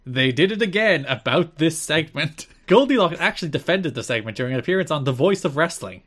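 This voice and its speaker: A man's voice: a little high, animated, a little fast, a bit bright. Man casually recapping with a laugh. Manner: recaps events at length, laughing often. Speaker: podcast co-host. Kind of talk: casual chat.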